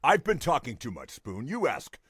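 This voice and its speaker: A man's voice: medium pitch, wildly swooping pitch, normal speed, fairly bright tone, slightly rough, no echo, studio quality, full character voice. A man voicing a goofy male show host who tells corny jokes and laughs at them. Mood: jokey. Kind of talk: comedy double act.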